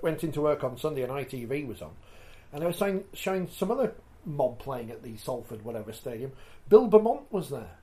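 A man's voice: on the high side, warm tone, low-quality recording. A man hosting a casual podcast, jokey and self-deprecating, rambling between topics. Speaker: podcast host.

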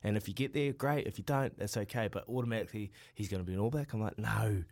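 A man's voice: fairly low pitch, racing, darkish tone. A man with a New Zealand accent, a radio co-host and former rugby player, speaking earnestly in short phrases in casual chat.

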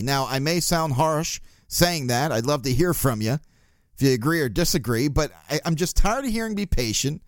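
A man's voice: fairly high pitch, lively intonation, normal speed, no echo, studio quality. Sarcastic grumbling male podcast host. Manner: sarcastic, grumbling, laughs often. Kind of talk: casual solo podcast rant.

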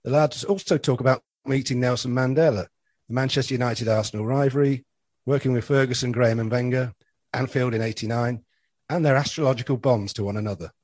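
Man co-hosting a podcast, husky tone, dry close sound, prompting questions. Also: mid-range voice, steady tone, brisk, darkish tone, dry recording. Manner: asks short prompting questions. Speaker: podcast co-host. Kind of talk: casual chat and scripted intro.

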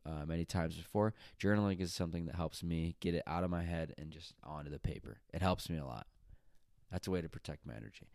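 A low-pitched man hosts a solo podcast and talks loosely and conversationally. He meanders through his story with fillers and side comments. The sound is close and dry, with no room around it. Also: darkish tone, dry recording. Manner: chatty, rambling with fillers and asides. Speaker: podcast host.

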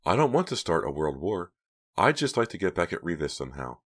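A man's voice: low-pitched, very animated, fairly quick, voice pushed up. A man voicing a resentful teenage girl who talks heatedly, in an audiobook. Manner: heated, bitter.

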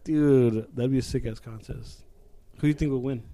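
A man in his twenties co-hosting a podcast, excitable and casual, laughing often and swearing freely. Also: mid-range voice, moderate pace. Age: 20s. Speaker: podcast co-host. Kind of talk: casual chat.

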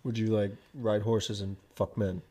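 A man's voice: on the low side, little pitch movement, unhurried, warm tone, slight background noise. A young man co-hosting a casual podcast, goofy and crude, often mumbling. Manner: goofy, mumbling, silly taunts. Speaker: podcast co-host.

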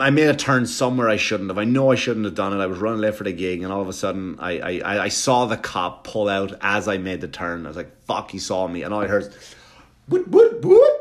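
A man doing stand-up, telling a long story in a quick, animated, profane way. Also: fairly low pitch. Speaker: stand-up comedian.

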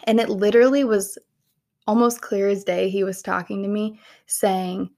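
Young woman, podcast host, casual faith talk, earnest and conversational, middle pitch. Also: fairly even intonation, normal speed, mellow.

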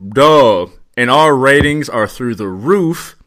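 A man co-hosting a podcast in casual chat, ranting in a profane, excitable way. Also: medium pitch, slow pace. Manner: profane, excitable, riffing rants. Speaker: podcast co-host.

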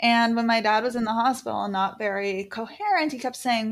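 A woman casually telling a personal story, animated and quoting people in lively voices. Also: on the high side, normal speed, few pauses.

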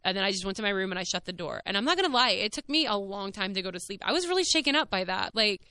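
A woman's voice: mid-range voice, animated, racing, pushed and bright, smooth, no room sound. A young woman, candidly telling her own story on her podcast in a chatty, swearing, filler-heavy way. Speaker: podcast host. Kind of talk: casual monologue.

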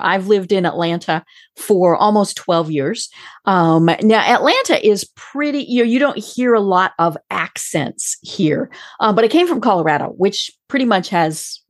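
A woman's voice: mid-range voice, expressive, moderate pace, no room sound, clean studio sound. A woman hosting an interview, chatting casually and often giving short responses. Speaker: interview host.

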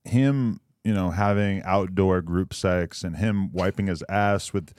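A man's voice: sits low, steady tone, a little slow, darkish tone, smooth, no room sound, clean studio sound. A man hosting a casual podcast chat, teasing a guest with wry asides and chuckles.

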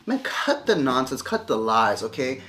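A man's voice: mid-range voice, sing-song, moderate pace, background noise. Heated man scolding his ex on camera. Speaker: father addressing his ex-wife on camera. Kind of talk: confrontational casual talk to camera.

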